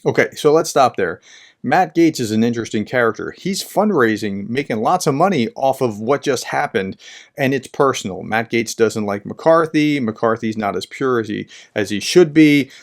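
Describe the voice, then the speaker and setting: A man giving casual, rambling political commentary between clips, often restarting his sentences. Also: mid-range voice.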